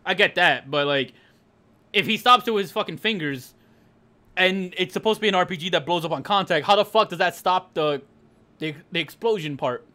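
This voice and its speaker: A man's voice: high voice, a little fast, pushed and bright. A young man streaming a racing game, ranting in casual chat with lots of laughter and swearing.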